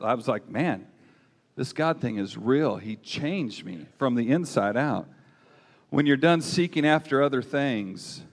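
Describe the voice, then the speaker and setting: Folksy preacher man in an echoey hall. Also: medium pitch. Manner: folksy, emphatic, says "man" a lot. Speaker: pastor. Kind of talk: sermon with personal testimony. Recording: long hall reverb.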